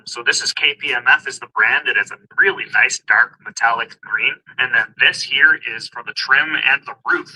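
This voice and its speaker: A DIY car vlogger with a medium-pitched, sharp, slightly rough voice talks viewers through a do-it-yourself car job, recorded with poor audio. His casual how-to narration is plain, upbeat, and explained step by step.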